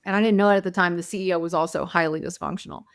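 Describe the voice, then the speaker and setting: A woman's voice: lowish voice, fairly even intonation, very fast, no echo, clean studio sound. Earnest woman guest telling stories. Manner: storytelling, reflective and earnest. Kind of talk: casual conversation.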